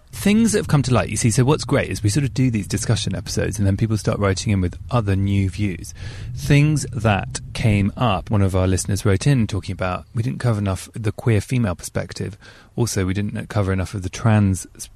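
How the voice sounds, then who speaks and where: A man's voice: on the low side, fairly quick, gravelly, a little mellow, slight background noise. A man hosting a podcast in a casual, chatty way with self-deprecating asides, recording with a handheld mic outdoors in a car park. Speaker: podcast host. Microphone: handheld microphone.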